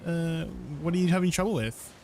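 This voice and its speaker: A young man chats casually with his live-stream viewers while gaming, giggling and laughing often between questions. His voice sits on the high side, expressive and brisk with a darkish tone. Faint music and faint background noise can be heard behind him.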